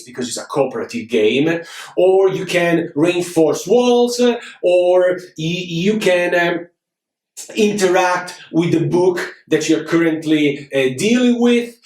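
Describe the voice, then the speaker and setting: An animated man hosts a casual board game review. His voice sits a little high and comes from a distance, and the room around him sounds roomy. He talks with many fillers and restarts. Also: slow. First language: Italian. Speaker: board game show host.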